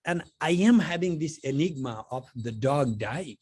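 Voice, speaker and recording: A man giving an informal introductory lecture on Tantra, talking conversationally with many fillers and growing animated when he tells a story. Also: on the high side, measured pace, husky, no echo. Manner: conversational, many "you know" fillers, grows animated in anecdotes.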